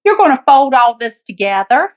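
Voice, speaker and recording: A woman's voice: sits high, big pitch swings, moderate pace, muffled recording. A woman with a Southern US accent hosting a home cooking demonstration in her kitchen, chatty and homey, talking straight to her viewers. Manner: chatty, homey, addresses viewers as guys and honey. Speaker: cooking show host.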